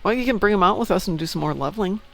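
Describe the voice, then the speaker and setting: A man's voice: high voice, lively intonation, very fast, gravelly. A man from Chicago hosting a game stream, chatting casually and joking as he goes. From Chicago, United States. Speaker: stream host. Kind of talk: casual chat while gaming.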